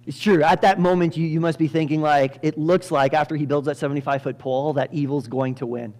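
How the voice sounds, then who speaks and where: A male pastor telling a Bible story in a lively sermon, acting out the characters with sudden loud bursts and frequent laughter. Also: on the high side, fast. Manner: animated, acts out characters with sudden loud jumps, laughs often. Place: church.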